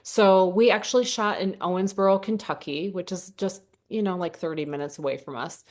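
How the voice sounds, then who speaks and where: A woman with a somewhat low voice, a portrait photographer from southern Indiana, tells her stories casually. She jumps up in pitch whenever she acts out what she and others said. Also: fairly quick. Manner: animated, acts out her own quotes in a higher voice. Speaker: senior portrait photographer, guest. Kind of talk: casual storytelling interview.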